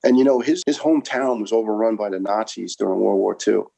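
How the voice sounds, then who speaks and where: A man's voice: on the low side, steady tone, brisk, creaky, dark tone, rough recording. A middle-aged man from Brooklyn, a former first responder giving an earnest, impassioned interview and repeating words as he builds each point. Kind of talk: conversational interview.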